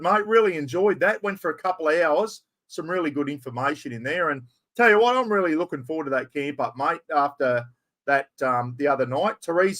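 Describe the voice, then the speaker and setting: A man's voice: fairly high pitch, fairly bright tone. A man with an Australian accent hosting a casual livestream on an external microphone, chatting and greeting viewers by name with broad slang. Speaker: livestream host.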